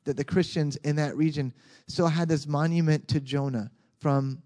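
A man preaching a sermon as a pastor in a conversational, animated way with frequent restarts. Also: fairly high pitch, moderate pace.

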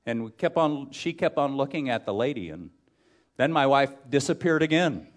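A middle-aged man, a pastor, preaching a sermon with personal stories and dry self-deprecating humor, dropping from loud points to hushed tender moments. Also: mid-range voice, expressive, normal speed.

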